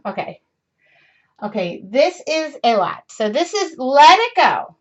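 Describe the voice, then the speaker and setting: A woman hosts a live painting session from her home studio, chatting loosely with viewers. Her voice sits a little high, and she wanders between topics with self-mocking humor. The livestream audio is dull and lo-fi. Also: big pitch swings, takes it slowly. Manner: chatty, rambling, self-joking. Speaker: art livestream host. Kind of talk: casual chat while painting.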